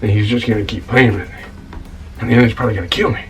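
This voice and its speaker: An actor playing a self-righteous scoundrel tavern keeper in a comedy web series, telling an indignant, stammering monologue and calling the listener son. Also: male voice, lowish voice, fairly even intonation, quick pace, fairly bright tone, far from the mic, close to an everyday voice, poor audio. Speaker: title character of a comedy-drama web series. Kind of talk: comic monologue. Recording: voice a bit off-mic, with music behind.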